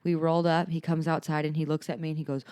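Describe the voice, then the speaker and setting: A young woman co-hosting a podcast, telling lively stories about her toddler with frequent laughter. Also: sits low, fast talker, clean tone, no room sound. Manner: animated storyteller, laughs often. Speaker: podcast co-host. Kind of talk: casual chat.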